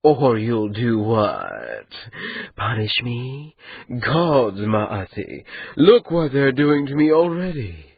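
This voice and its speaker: A man voicing an amused, cruel male spirit held captive, speaking in a slow, calm, mocking drawl. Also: mid-range voice, creaky, slightly rough, dry recording, narrow, tinny audio, full character voice. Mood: taunting.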